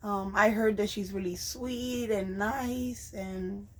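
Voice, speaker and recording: Slow, hesitant woman vlogger. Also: mid-range voice, steady tone, rough recording. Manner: slow, hesitant, with frequent ums and restarts. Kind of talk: personal vlog talking to camera.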